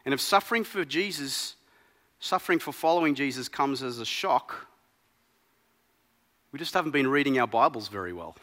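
A man preaching a sermon, swinging between loud emphasis and quiet gravity. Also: medium pitch, long reverb tail.

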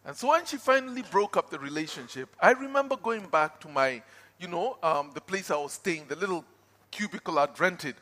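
A man preaching a sermon and telling his own testimony, swinging from loud outbursts to hushed pleading. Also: high-pitched, expressive, fairly quick, in a large hall.

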